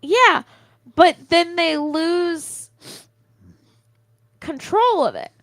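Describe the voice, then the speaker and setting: A woman's voice: very high voice, animated, extremely slow, fairly bright tone, no room sound. A woman co-hosting a casual talk show, making blunt, matter-of-fact remarks. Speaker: co-host. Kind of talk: casual chat.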